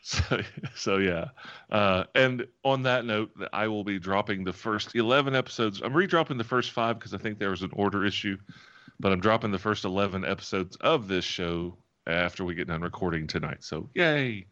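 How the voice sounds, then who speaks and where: Low-voiced man running a tabletop game. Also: normal speed. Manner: relaxed, rambling, chuckles often. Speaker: game master and host. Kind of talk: narrating a tabletop game and chatting. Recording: dull lo-fi audio.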